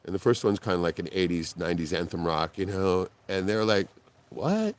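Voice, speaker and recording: A man hosting a live stream, telling a story in casual talk, swearing and laughing often as he quotes other people. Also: a little fast. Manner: animated, jumps in pitch when quoting and laughing. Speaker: livestream host.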